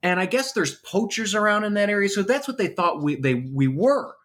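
Casting: middle-aged man, fairly high voice, swearing, lively anecdote teller in a podcast chat. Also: a little fast. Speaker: podcast guest, former special effects artist. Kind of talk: casual storytelling chat.

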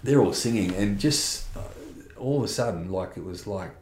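A man's voice: lowish voice, lively intonation, normal speed, darkish tone, roomy sound, slight background noise. A middle-aged man telling a candid personal testimony in conversation, blunt and rambling with restarts and mild swearing. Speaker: interview guest.

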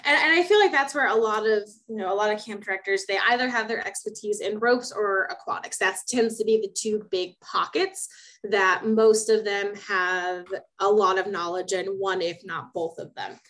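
A young woman who specializes in horse programs co-hosts a casual podcast, speaking emphatically, laughing often and repeating words while she thinks. Her voice is mid-pitched and a bit bright at a moderate pace, though the recording quality is low.

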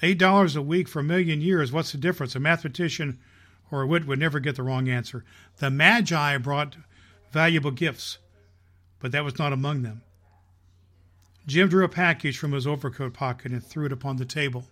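Jolly slow-talking man as Santa. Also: fairly high pitch, fairly bright tone. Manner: jolly, slow and folksy with filler restarts. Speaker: podcast host playing Santa Claus. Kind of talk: storytelling reading aloud.

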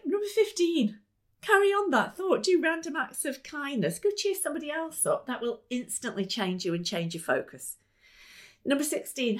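A woman giving an upbeat motivational talk to a live audience, laughing often and jumping to high, excited exclamations. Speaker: speaker. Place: business meeting room.

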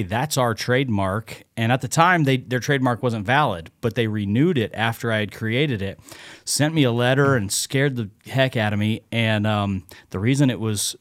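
A man's voice: mid-range voice, no room sound, clean studio sound. A man in his thirties, a knife maker and podcast guest, telling rambling, self-deprecating stories in casual chat and laughing often.

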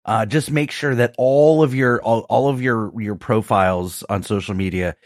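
A man's voice: medium pitch, normal speed, no echo. A man co-hosting a podcast, throwing in dry, teasing jokes during casual banter. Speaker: podcast co-host.

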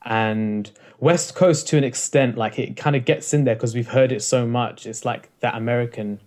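A man's voice: medium pitch, moderate pace, a little mellow. A man co-hosting a casual podcast, chipping in with short points and questions. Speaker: podcast co-host. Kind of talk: casual chat.

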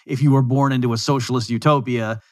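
A man hosting a casual economics discussion, talking in lively bursts and slipping into voices to quote people. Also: mid-range voice, fast talker, no echo, studio quality. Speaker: podcast host.

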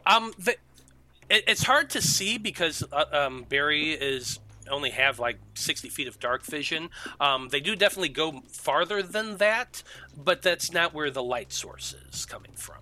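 Game master, male, very bright voice, higher pitch, halting delivery with ums, faint music under him. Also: animated. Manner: halting, many ums and restarts. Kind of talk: narrating a tabletop game over voice chat.

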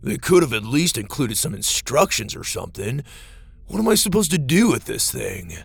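A man's voice: medium pitch, big pitch swings, moderate pace, vocal fry, slightly rough, dry recording, full character voice. A man voicing a vain young male space cowboy with a brash, boastful manner, in a storybook reading. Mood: grumbling.

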